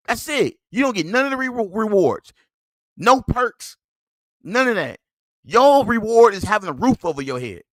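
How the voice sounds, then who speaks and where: High, lively, mocking podcast host man. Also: no room sound. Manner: mocking, scolding, laughs at the other man. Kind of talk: heated commentary on a played clip.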